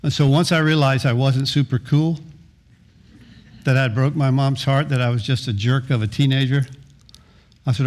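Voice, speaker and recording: A man's voice: medium pitch, steady tone, moderate pace, pauses often. A middle-aged man preaching a sermon as pastor, earnest, often repeating words and restarting phrases, sometimes half-singing lines of a hymn.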